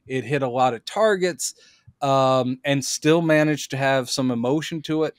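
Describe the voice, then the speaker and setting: Animated man in casual podcast chat. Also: no room sound, studio quality. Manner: animated, acts out quotes in high put-on voices. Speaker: podcast co-host.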